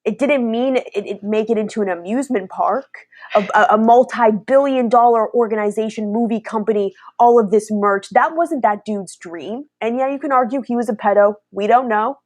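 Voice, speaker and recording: A young woman with a fairly high voice rants bluntly through a casual spiritual chat, swearing freely and slipping into mocking impressions. Her voice is close and dry, with no room sound. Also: moderate pace, few pauses, darkish tone, dry recording. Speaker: host.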